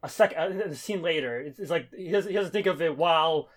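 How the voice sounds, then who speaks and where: Male co-host, fairly high voice, halting delivery full of fillers, nitpicky. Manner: hesitant, many "uh"s and restarts, picks apart plot logic. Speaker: podcast co-host. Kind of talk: casual chat.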